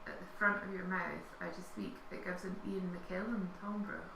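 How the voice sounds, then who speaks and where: A woman co-hosting a live stream chats and giggles as she reads out viewer comments. Her voice carries a gravelly fry. It is recorded in an echoey room with clear background noise. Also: on the low side, steady tone, moderate pace, distant mic. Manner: chatty, giggly. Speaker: co-host reading chat. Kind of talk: casual live-stream chat.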